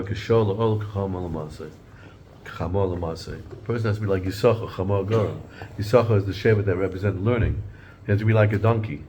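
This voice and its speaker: Low-voiced man giving a casual Torah class. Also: warm tone, highs cut off, slight background noise. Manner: conversational, repeats and restarts words, mixes Hebrew and Yiddish terms. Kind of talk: informal Torah lecture.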